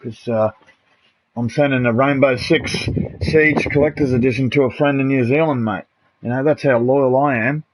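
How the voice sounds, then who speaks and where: A middle-aged Aussie with a mid-range voice speaks at normal speed during casual chat with his party on a live game stream. Blunt and sore about things, he swears freely and calls everyone mate and bro. His home streaming mic sounds muffled and noisy.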